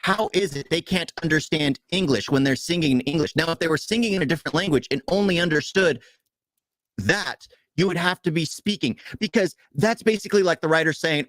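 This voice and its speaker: A man's voice: on the high side, animated, brisk, fairly bright tone, no echo. A man co-hosting a casual movie review, ranting in frustration with rhetorical questions.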